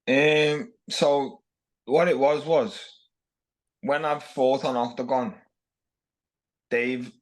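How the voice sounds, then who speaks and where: A man's voice: mid-range voice, fairly even intonation, extremely slow, pauses often. A man with a Scouse accent from Liverpool, a fighter talking bluntly and brashly as a podcast guest. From Liverpool, England. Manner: brash, blunt, says "lad" constantly. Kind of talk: casual podcast chat.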